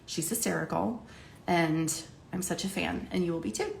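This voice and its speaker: A middle-aged woman from Ohio, a makeup coach chatting to camera while doing her makeup, talkative and quick to laugh. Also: on the low side, gravelly, a little hiss or hum. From Ohio, USA. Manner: chatty, laughing, lively quoted voices. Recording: echoey room.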